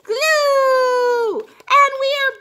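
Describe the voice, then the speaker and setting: A woman's voice: extremely high pitch, fairly even intonation, drawn-out words, sharp tone. A woman teaching a phonics lesson to young children, cheery and encouraging, drawing out each sound.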